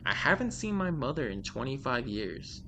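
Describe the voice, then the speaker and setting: Bright-voiced man reading horror stories. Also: mid-range voice, very animated, normal speed, slight background noise. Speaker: podcast host. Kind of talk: casual chat and reading short horror stories.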